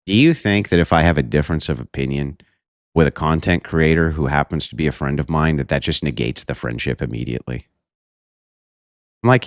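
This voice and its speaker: A man's voice: rumbling low, expressive, a little fast, no echo, studio quality. A man hosting a livestream who reacts in a combative, sarcastic way and swears freely. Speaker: livestream host.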